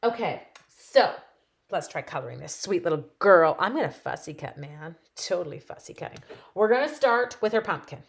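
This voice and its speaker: A woman's voice: lowish voice, animated, moderate pace, gravelly, a little hiss or hum. A woman demonstrating stamping on a livestream, chatting casually and giggling as she answers viewers while she works. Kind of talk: casual live-stream chat while crafting.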